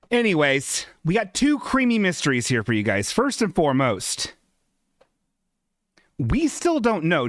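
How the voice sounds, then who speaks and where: A man's voice: fairly high pitch, fairly bright tone, no echo, clean studio sound. A man hosting a casual solo podcast, rambling and self-deprecating and swearing freely. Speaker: podcast host. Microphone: desk microphone.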